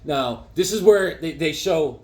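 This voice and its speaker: A man casually reviewing comic books, excitable and chatty, breaking into silly voices now and then. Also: a little high, unhurried.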